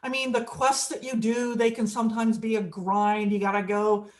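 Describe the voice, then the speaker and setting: High-voiced woman preaching a sermon. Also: flat delivery, normal speed. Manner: conversational storytelling with acted quotes. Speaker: minister.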